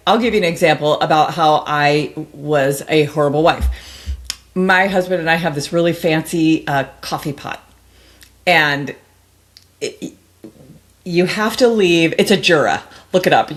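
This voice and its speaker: A middle-aged woman, a guest author, telling a story in a casual interview, rambling with many restarts and bursting into lively mimicked voices. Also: sits low.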